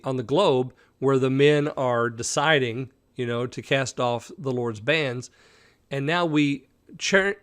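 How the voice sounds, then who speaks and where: Man teaching a daily Bible study. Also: medium pitch. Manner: animated, explains the text conversationally.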